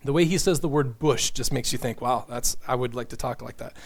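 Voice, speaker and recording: A middle-aged man preaching a sermon, earnest and animated, with joking asides to the congregation. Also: medium pitch, fairly quick. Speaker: pastor.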